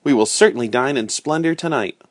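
Man reading calm pioneer mother, gentle, measured, mid pitch, dry sound. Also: dry recording, close to an everyday voice. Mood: pleased. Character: calm warm pioneer mother, adult woman.

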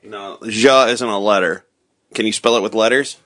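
A woman's voice: a bass voice, moderate pace, a bit bright. A woman playfully hosting a mock morning radio show with a child, coaxing and teacherly.

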